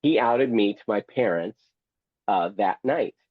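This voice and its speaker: A man's voice: fairly low pitch, lively intonation, measured pace, no room sound, narrow, tinny audio. A man who is a guest and memoir author, telling a story theatrically and with humor, acting out other people's voices. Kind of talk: storytelling, reading from his memoir.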